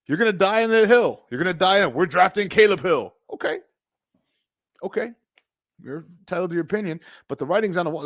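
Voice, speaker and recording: A middle-aged man hosting a live sports talk stream, animated and emphatic, repeating his points and greeting viewers by name. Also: sits high, a little fast, no room sound, studio quality. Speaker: sports talk show host.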